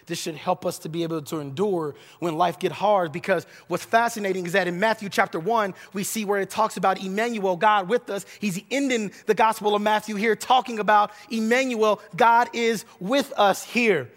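A man's voice: sits high, normal speed, long reverb tail. A male pastor preaching a sermon, building emphatic repeated phrases and stumbling into restarts now and then.

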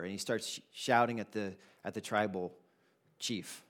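A man preaching a sermon as pastor, in a conversational, animated way with casual asides. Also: lowish voice, moderate pace.

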